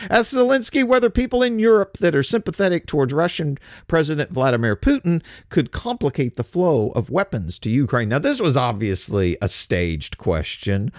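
Sarcastic older man with a lively voice. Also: on the low side, no room sound, studio quality. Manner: sarcastic, mocking, repeats words. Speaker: host. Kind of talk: political commentary.

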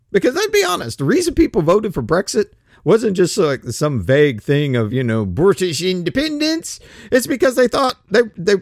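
A man's voice: high voice, no room sound, studio quality. A man delivering a sarcastic, mocking opinion monologue as a political commentator.

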